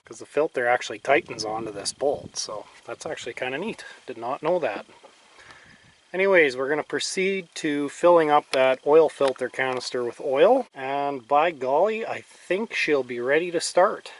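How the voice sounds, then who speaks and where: A man's voice: medium pitch, lively intonation, normal speed, poor audio. A man casually talking through a repair on an old car as he works, chatty and self-deprecating. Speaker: vlogger working on an old car. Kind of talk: casual narration while working.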